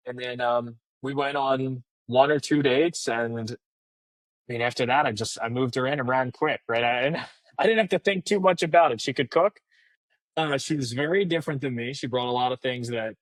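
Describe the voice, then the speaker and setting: A man's voice: mid-range voice, no echo. A man in his thirties, a podcast guest telling stories in a casual, chatty way with many fillers. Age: 30s. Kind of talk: casual storytelling interview.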